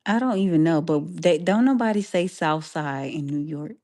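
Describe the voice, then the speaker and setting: A young Southern woman with a Southern accent talks bluntly and swears freely, circling back over her own words. Her voice sits fairly low and sounds close and dry, with no room around it. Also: lively intonation, moderate pace, darkish tone, dry recording. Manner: blunt, profane, repeats herself. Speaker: podcast co-host. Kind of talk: casual chat.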